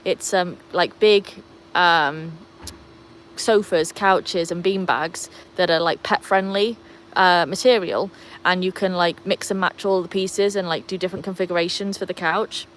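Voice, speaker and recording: A woman's voice: on the low side, fairly even intonation, a little slow, a bit bright, a little hiss or hum. A woman hosting a casual live stream for her dog channel, rambling along with lots of fillers. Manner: chatty and rambling, with many fillers. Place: outdoors beside a pool.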